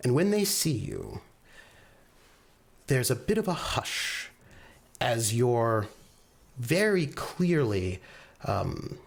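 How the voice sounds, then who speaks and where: A man's voice: mid-range voice, wildly swooping pitch, extremely slow, gravelly, long pauses, slightly rough. A man narrating as game master in a tabletop role-playing game, descriptive and loose with many fillers.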